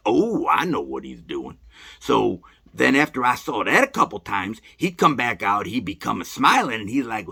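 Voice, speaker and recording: A middle-aged man hosting a vlog, telling old stories in a folksy, rambling, animated way. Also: moderate pace, gravelly, breathy edge. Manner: folksy, rambling, animated, bursts into high put-on voices. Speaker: host. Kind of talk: casual nostalgic storytelling.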